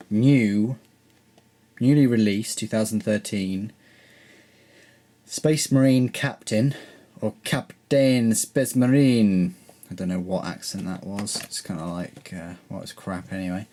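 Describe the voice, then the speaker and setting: A man's voice: fairly low pitch, mellow. A man from Britain doing a casual unboxing and review vlog, wry and self-mocking, full of rambling asides. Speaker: hobby reviewer.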